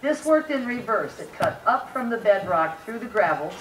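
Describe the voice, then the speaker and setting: A woman's voice: medium pitch, big pitch swings, normal speed. A woman docent giving a folksy, homespun tour presentation on a mining dredge. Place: outdoors on a dredge barge. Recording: roomy distant sound with faint noise.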